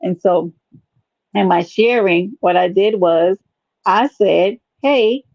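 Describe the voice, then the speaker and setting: Gravelly woman rambling on a live stream. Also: fairly low pitch, fairly even intonation, slow, no echo, muffled recording. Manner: rambling, playful and teasing. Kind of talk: casual live stream chat.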